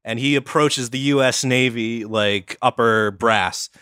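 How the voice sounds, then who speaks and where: A man's voice: mid-range voice, measured pace, pushed and bright, clean tone, dry recording, clean studio sound. A man co-hosting a podcast, telling a history story in a rambling, crude, casual way. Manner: rambling, crude, uses lots of "like".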